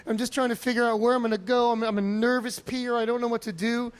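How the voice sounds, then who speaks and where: A comedian from Chicago telling animated stories on a comedy club stage, with sudden loud outbursts. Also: male voice, extremely high pitch, fast, smooth. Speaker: stand-up comedian. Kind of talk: stand-up set.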